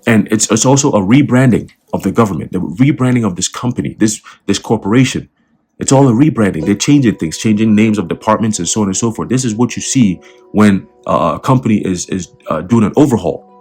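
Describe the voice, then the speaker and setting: A man's voice: on the low side, lively intonation, a little fast, a little mellow, husky, faint music behind. A man giving casual religious and political commentary in a conversational way, repeating words and checking in with the listener. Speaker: online commentator.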